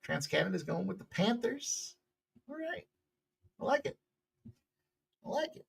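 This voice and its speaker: A man hosting a sports betting picks show, talking casually in a loose, jokey way with bursts of loud excitement. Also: sits high, unhurried, gravelly, slightly rough.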